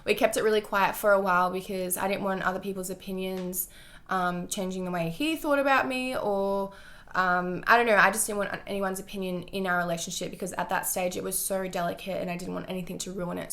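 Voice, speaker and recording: A woman's voice: mid-range voice, steady tone, fairly quick, creaky, a bit bright. A young woman telling a personal storytime to her vlog viewers, candid and full of "like" fillers and swearing. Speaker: vlogger.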